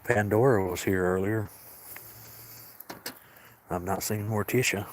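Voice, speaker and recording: A man, casually live-streaming outdoors while feeding and softly coaxing the cats of a colony. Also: lowish voice, normal speed, pauses often, a little hiss or hum, poor audio. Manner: folksy, talks softly to the cats and coaxes them. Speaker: cat sanctuary caretaker streaming live.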